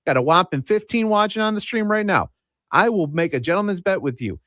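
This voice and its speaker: A man's voice: sits high, lively intonation, brisk, fairly bright tone, dry recording, clean studio sound. A man co-hosting a sports radio show, confidently making bold declarations and bets. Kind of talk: casual sports talk debate. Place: radio studio.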